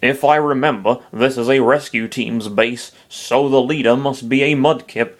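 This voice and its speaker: A man voicing a young male hero, speaking slowly and bluntly with an exasperated edge. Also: medium pitch, fairly even intonation, lightly acted.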